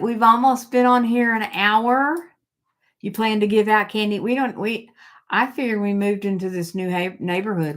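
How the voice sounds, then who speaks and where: Slow-talking chatty woman host. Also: deep voice. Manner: chatty, rambling, reads comments aloud. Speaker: livestream host reading viewer comments. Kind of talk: casual live chat.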